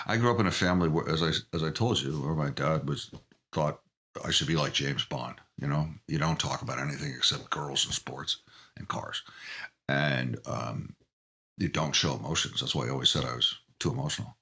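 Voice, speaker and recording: Deep, forceful middle-aged man, earnest. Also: creaky. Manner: earnest, emotionally open, halting. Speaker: podcast guest. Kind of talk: candid interview conversation.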